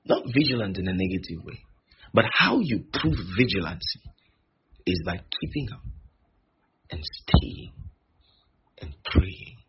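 A male preacher, repeating phrases for emphasis and slowing on key lines. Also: low voice, huge pitch swings, slight background noise. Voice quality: gravelly and very husky. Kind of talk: sermon. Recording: dull lo-fi recording.

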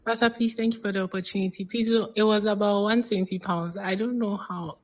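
A man's voice: high voice, steady tone, fairly quick, pitched above the performer's own voice, close to an everyday voice. A man doing a grateful young woman pleading. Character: grateful young woman thanking her pastor. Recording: dull lo-fi with music behind.

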